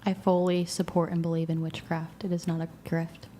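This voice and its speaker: A woman's voice: on the low side, little pitch movement, fairly quick, warm tone, a little hiss or hum. A woman guest on a talk panel, chatty and giggling often. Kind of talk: casual panel banter.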